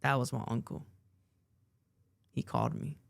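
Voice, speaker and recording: Speaking a little slowly with huge pitch swings, this young podcast host has a medium-pitched, creaky voice. His personal story rambles, full of repeated phrases and constant "like," and there's no room sound.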